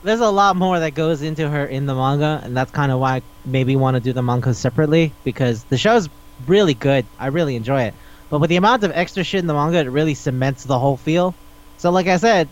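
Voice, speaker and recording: A man's voice: on the high side, highs cut off. A man co-hosting a podcast in casual chat, rambling animatedly and swearing freely. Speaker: podcast co-host.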